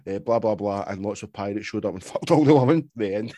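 A man's voice: on the low side, animated, a little fast, dark tone, dry recording. A man co-hosting a podcast, reading aloud and bantering with laughter and swearing. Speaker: podcast co-host. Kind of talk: casual chat and reading aloud.

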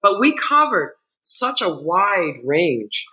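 Bright-voiced woman telling stories with laughter. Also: fairly low pitch, slow, rough recording. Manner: laughs often, lively storyteller. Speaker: co-author guest. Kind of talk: casual conversational storytelling.

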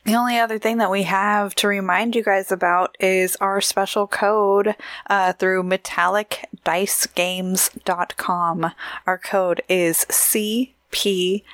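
A woman co-hosting a podcast in casual chat, giggly and chatty, reading out shout-outs and promos. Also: mid-range voice, fairly even intonation, slow pace, no echo, studio quality. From Oregon, USA. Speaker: podcast co-host.

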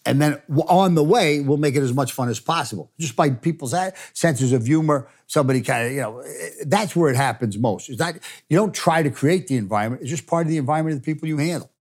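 An older man, a former football coach and executive, telling stories and giving advice in an interview, animated and laughing as he talks. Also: fairly high pitch, fast talker, hardly any pauses. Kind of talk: storytelling interview answers.

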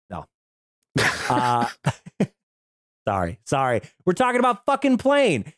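A man's voice: high-pitched, sing-song, moderate pace, long pauses, dry recording, clean studio sound. A man hosting a casual comedy film podcast, rambling and joking, swearing freely. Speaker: podcast host.

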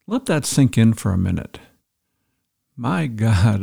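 A man with a low, gravelly voice and a dark, mellow tone. He reads quoted passages aloud and comments on them in a measured, reflective manner, pausing for emphasis. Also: very animated. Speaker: speaker reading and commenting on an article.

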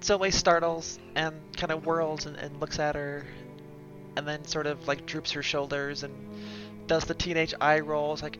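A player narrating his character's actions with lots of halting fillers, in a somewhat light voice. The recording sounds dry and a bit muffled, with faint music behind it. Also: fairly high pitch, level tone. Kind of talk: narrating own character in a tabletop game.

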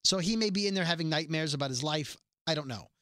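Bright chatty male podcast host. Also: fairly high pitch, expressive, fast talker, dry recording, clean studio sound. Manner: chatty, rambling with restarts. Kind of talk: casual chat.

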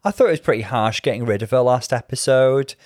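A man co-hosting a podcast in casual chat, teasing and chatty, quick to laugh. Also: mid-range voice, a little mellow, dry recording, studio quality. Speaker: podcast co-host.

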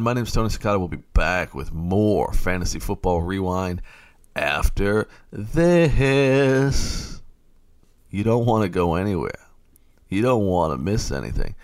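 A man hosting a late-night fantasy football radio show, ranting and getting fired up. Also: deep voice.

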